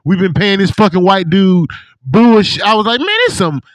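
A man hosting a casual chat, telling profane, animated stories and acting out what people said. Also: high-pitched, normal speed, no echo. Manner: animated, profane storytelling with put-on quotes. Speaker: podcast host.

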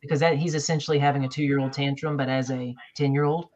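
A man's voice: mid-range voice, steady tone, fast, a little mellow. Pastor guest on a podcast, male, casual chat, firm emphatic delivery, middle-range voice. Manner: firm, emphatic, acts out quoted dialogue.

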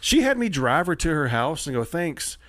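A man telling wild stories in casual podcast chat, profane and animated, acting out the people he quotes. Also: fairly high pitch, normal speed. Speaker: comedian guest. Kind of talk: casual storytelling.

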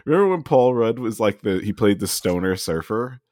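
A man's voice: lowish voice, animated, fairly quick, darkish tone, dry recording, studio quality. A man co-hosting a casual podcast chat, rambling with lots of fillers and casual swearing.

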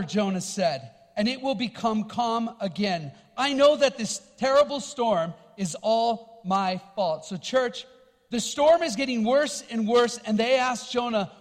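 A man giving a sermon as a guest minister, speaking with animated emphasis and often repeating words as he goes. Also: extremely high pitch, a little slow, long reverb tail. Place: church hall.

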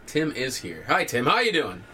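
A man hosting a casual gaming podcast, loud and joking, laughing often. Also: medium pitch, huge pitch swings, moderate pace, a little hiss or hum. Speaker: podcast host.

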